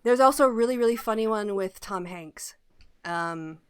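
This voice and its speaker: A woman hosting a casual online hangout, chatty and quick to laugh. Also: medium pitch, clean tone, no room sound. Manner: laughs often, chatty, animated. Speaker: host. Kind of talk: casual chat.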